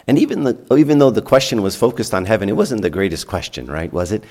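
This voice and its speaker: A man's voice: fairly low pitch, animated, quick pace, few pauses, a little mellow, big-room sound. A man preaching a homily as a priest, chatting with the congregation through rhetorical questions and acted-out dialogue. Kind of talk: sermon. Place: church.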